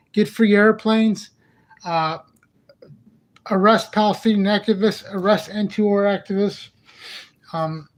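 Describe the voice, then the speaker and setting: A man ranting in a heated, profane monologue for his own channel, repeating himself in exasperation. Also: sits high. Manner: repetitive, exasperated. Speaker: channel host. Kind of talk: angry monologue vlog.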